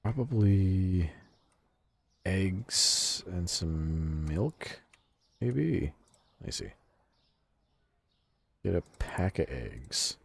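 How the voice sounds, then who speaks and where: A man's voice: low-pitched, sing-song, extremely slow, vocal fry, long pauses, slightly rough, dry recording. A man streaming a game and casually chatting with his viewers, swearing freely and laughing often. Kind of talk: casual game livestream chat, reading chat aloud.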